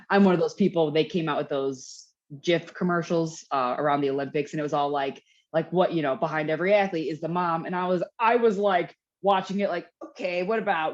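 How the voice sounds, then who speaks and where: A woman co-hosting a podcast in casual chat, rambling with many fillers and restarts. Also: fairly low pitch. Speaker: podcast co-host. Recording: dull lo-fi sound.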